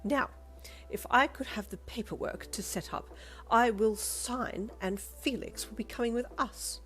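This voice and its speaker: A woman's voice: on the high side, a little slow, a bit bright, faint music behind, voice pushed up. A woman voicing a snobbish, pompous older wealthy woman who speaks with disdain. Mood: cold, sneering.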